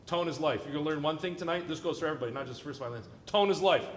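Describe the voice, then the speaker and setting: Rapid-fire and fairly high-pitched, this man leads an orchestra rehearsal, playfully joking and cheering on the musicians as he coaches. He's in a large concert hall whose long reverb makes it echoey, with slight background noise.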